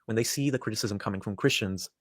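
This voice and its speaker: A man delivering a measured, deliberate video monologue as a religious commentator. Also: lowish voice, no room sound, clean studio sound.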